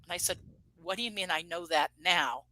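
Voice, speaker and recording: A woman in her fifties, an interview guest, telling a personal story in a casual, animated way. She acts out the quoted dialogue and often restarts her sentences. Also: lowish voice, a little fast, dry recording, rough recording.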